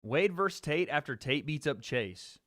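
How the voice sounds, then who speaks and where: Reacting to fight chat on a casual livestream, a man speaks at a moderate pace in a fairly high, animated voice that's a bit bright. The recording is dry and studio quality. He's loose and chatty, speaking straight to his viewers, joking and going over the same points again.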